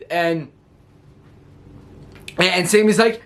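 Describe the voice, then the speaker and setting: A young man with a high, light voice runs through his weekly recap, talking fast and eagerly. He breaks into laughter easily and keeps the tone loose and chatty, like he's catching up with friends. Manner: excitable, chatty, quick to laugh. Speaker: wrestling show recap YouTuber. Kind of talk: casual recap to camera.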